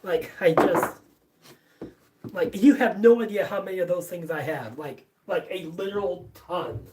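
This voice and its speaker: Slow, rambling streamer far from the mic. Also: mid-range voice, a little mellow. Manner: rambling, many fillers and restarts, casual swearing. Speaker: livestream host. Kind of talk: casual live-stream chat. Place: basement workshop.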